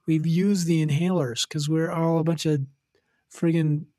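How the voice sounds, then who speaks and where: A middle-aged man co-hosting a podcast, telling stories animatedly and quick to laugh and tease. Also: on the high side, little pitch movement, mellow, no room sound, studio quality. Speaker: podcast co-host. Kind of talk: casual chat.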